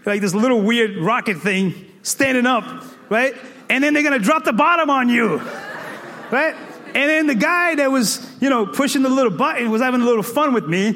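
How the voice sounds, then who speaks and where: A man from Cape Verde preaching in a comic, animated storytelling manner, full of playful exclamations and laughter. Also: very high-pitched, moderate pace. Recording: echoey hall reverb.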